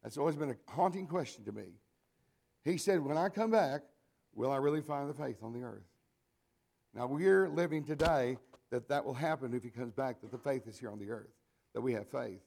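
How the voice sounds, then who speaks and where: A man's voice: mid-range voice, moderate pace, creaky, darkish tone. An older man preaching a folksy, conversational sermon to his congregation, with chatty asides and frequent restarts.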